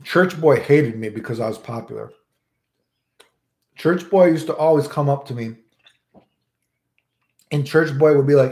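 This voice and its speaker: A man's voice: mid-range voice, unhurried, pauses often, a little mellow. A man telling a crude personal story in casual, rambling talk, often tagging lines with "right?". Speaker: storyteller host. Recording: roomy echo.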